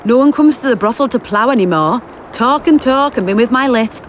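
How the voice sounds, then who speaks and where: An actress playing a bawdy, blunt camp prostitute in a video game, speaking crudely with a slight lisp. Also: female voice, a little high, lively intonation, a little fast, slight background noise, close to an everyday voice. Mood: scornful. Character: bawdy brash young camp prostitute woman.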